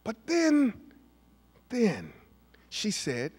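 A man, a pastor preaching a storytelling sermon, moving from hushed asides to shouted peaks. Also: sits high, huge pitch swings, extremely slow, slightly rough. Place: church sanctuary. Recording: long hall reverb of a church.

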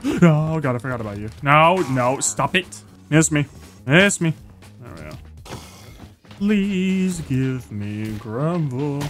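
Excitable young man with a lively voice. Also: medium pitch, slow, faint music behind. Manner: excitable, jokey, lots of exclamations. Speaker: Minecraft YouTuber. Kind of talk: gameplay commentary.

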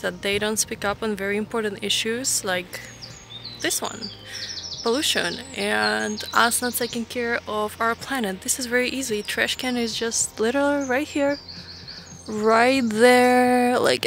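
A woman vlogging casually while walking in a park, chatty and exasperated as she rants. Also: fairly high pitch. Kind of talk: casual outdoor vlog. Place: outdoors in a park. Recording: outdoor noise. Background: birds and outdoor ambience.

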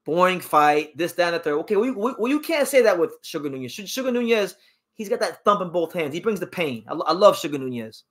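On his live boxing commentary stream, a man fields chat questions and fires back forceful opinions. He talks fast in a high voice with big pitch swings, often repeating words once he's heated.

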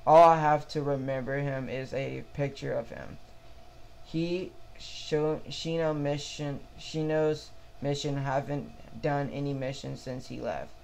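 Male amateur reader, slow, gravelly, stumbles constantly through fan fiction. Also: mid-range voice, fairly even intonation, darkish tone, slight background noise, poor audio. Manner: halting, stumbling, frequent restarts. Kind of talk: reading own fan fiction aloud.

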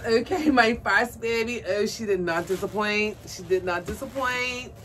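Excitable woman gushing, recorded from afar. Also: a little high, moderate pace. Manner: gushing, excitable, coos at the doll in baby talk. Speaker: doll collector vlogger. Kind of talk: casual unboxing chat. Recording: distant mic with faint background noise.

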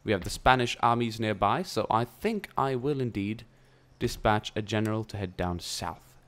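A man's voice: fairly low pitch, lively intonation, normal speed, a bit bright, slight background noise. A young man casually commentating his own strategy game, thinking aloud and swearing now and then. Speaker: gameplay commentator. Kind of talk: casual let's-play commentary.

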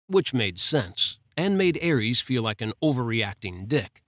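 A man narrating a romance audiobook in a steady, measured reading. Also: medium pitch, dry recording, studio quality.

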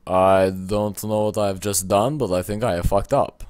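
A man doing gaming commentary, excitable, yelping and shouting at what happens in the game. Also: on the low side, moderate pace, no echo. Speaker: let's play gamer.

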